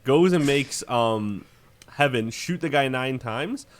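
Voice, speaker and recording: A man's voice: medium pitch, lively intonation, takes it slowly. A young man co-hosting a podcast, teasing and cutting in with jokes. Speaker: podcast co-host. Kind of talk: casual banter.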